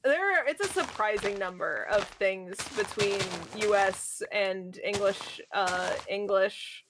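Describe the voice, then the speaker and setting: A woman's voice: mid-range voice, slow, noisy background. A woman chatting casually while streaming a game, often restarting her sentences and laughing easily. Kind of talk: casual gaming stream chat.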